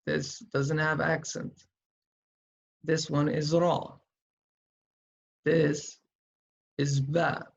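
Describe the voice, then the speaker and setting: Slow, gravelly male teacher. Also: on the high side, level tone, highs cut off. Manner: patient, thinks aloud while writing. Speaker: Quran reading teacher. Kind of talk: slow step-by-step tutorial.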